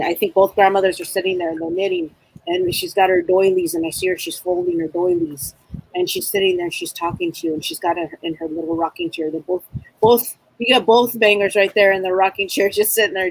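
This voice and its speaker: Middle-aged psychic lady rambling on, kinda husky, medium pitch. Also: no echo, low-quality recording. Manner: rambling, chatty, acts out spirits' voices. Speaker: psychic reader. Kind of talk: live psychic reading chat.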